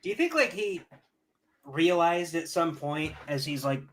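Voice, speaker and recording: A man co-hosting a casual podcast chat, retelling stories with animated bursts of mock excitement. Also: fairly high pitch, a little slow. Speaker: podcast co-host.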